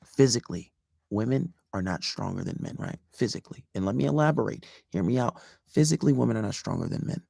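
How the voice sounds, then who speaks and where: A man's voice: mid-range voice, expressive, quick pace, creaky, dark tone, husky, no echo, clean studio sound. A man as a dating coach, giving casual advice in an emphatic, profane way, repeating his points and asking "right?".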